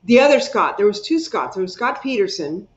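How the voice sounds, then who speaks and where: A woman with a medium-pitched, very animated voice talks fairly quickly as she hosts a casual craft livestream. She chats and repeats herself while reading viewer comments aloud. The stream audio is muffled and lo-fi.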